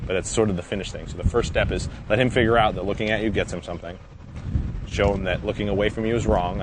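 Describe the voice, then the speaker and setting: Low-voiced man coaching dog training outdoors. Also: fairly even intonation, quick pace. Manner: instructive, casual, frequent "right?" check-ins. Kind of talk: live coaching session. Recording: outdoor noise.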